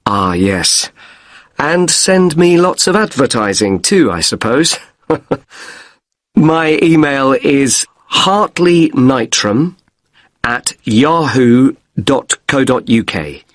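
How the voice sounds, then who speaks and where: An actor playing a polite hotel guest. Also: male voice, medium pitch, animated, no echo. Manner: deliberate, spelling out letters slowly. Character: polite British man with broken wrist checking in. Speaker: hotel guest in a listening test dialogue. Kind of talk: scripted exam dialogue.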